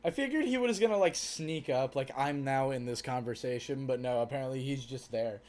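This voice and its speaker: Very deep-voiced sarcastic woman. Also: fairly quick, a little mellow. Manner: blunt, sarcastic, swears freely. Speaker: co-streamer. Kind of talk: casual chat over a game.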